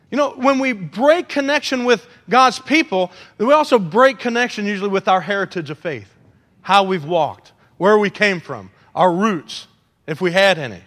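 In a church hall that rings with long reverb, a preacher with a bright, high voice delivers a lively sermon at normal speed. He ribs the congregation and acts out the quotes he uses.

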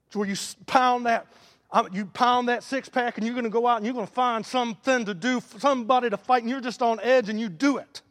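A high-pitched man preaches a sermon in a folksy way, rising into loud, emphatic stretches. His voice carries a long reverb through a church sanctuary. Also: quick pace. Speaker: pastor.

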